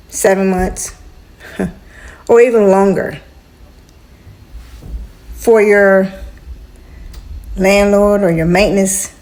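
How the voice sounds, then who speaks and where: A woman's voice: mid-range voice, darkish tone. A woman venting in a casual home vlog, exasperated and talking straight to her viewers. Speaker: vlogger. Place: apartment at home.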